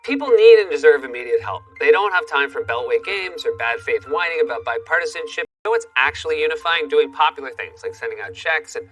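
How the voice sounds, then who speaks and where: Late-night comic host, quick and bright, sarcastic monologue, faint music under. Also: male voice, a little high, animated, distant mic, low-quality recording. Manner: sarcastic, punchy delivery. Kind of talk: comedy monologue.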